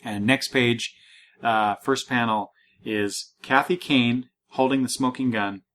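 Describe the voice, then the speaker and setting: A man's voice: medium pitch, steady tone, slow, fairly bright tone. A man hosting a casual podcast, talking through a comic book with many restarts and fillers, reading panels aloud. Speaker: podcast host.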